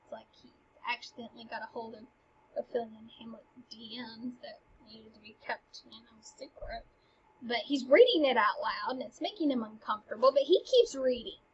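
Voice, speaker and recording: A woman's voice: fairly high pitch, moderate pace, muffled recording, slight background noise. A young woman casually explaining a classic play and reading its lines with dramatic emphasis. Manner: chatty, dramatic, stresses quoted lines. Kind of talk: casual lesson with read-aloud quotes.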